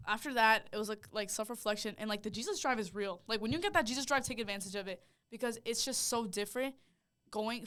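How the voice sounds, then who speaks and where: A woman's voice: medium pitch, a bit bright, clean tone. A young woman sharing a heartfelt personal faith testimony in casual chat, with lots of "like" fillers. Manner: heartfelt storytelling, full of "like" fillers. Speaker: podcast co-host sharing her testimony.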